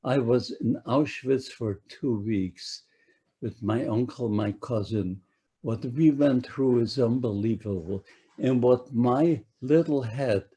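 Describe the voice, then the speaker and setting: A man in his nineties from Poland, giving personal testimony to an audience in a halting way that repeats words as he searches for them. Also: mid-range voice, warm tone, slightly rough. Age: 90s. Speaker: Holocaust survivor giving a talk.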